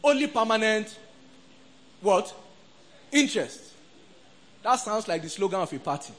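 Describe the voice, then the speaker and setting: A middle-aged Nigerian-accented pastor preaches a sermon in a high voice at a measured pace. He's animated, leading his congregation in call-and-response and acting out the voices of people he quotes.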